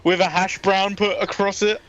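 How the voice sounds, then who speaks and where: A man's voice: sits high, little pitch movement, normal speed, a bit bright, highs cut off. A man co-hosting a casual watch-along chat, tossing out dry wisecracks. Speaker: co-host.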